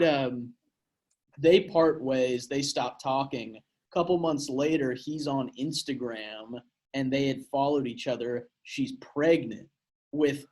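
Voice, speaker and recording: A man's voice: medium pitch, a little mellow. A young man from Portland, Oregon, telling a story on a chatty podcast. His voice sits in the middle register, and he talks in a loose, crude, rambling way, full of filler words. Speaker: podcast co-host. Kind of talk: casual storytelling chat.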